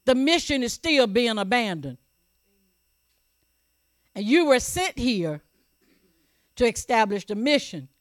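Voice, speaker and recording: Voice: medium pitch, very animated, slow pace, pauses often, no room sound, studio quality. A preacher delivering a sermon with emphasis, repeating key phrases and asking the audience whether they are paying attention. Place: church service also streamed online.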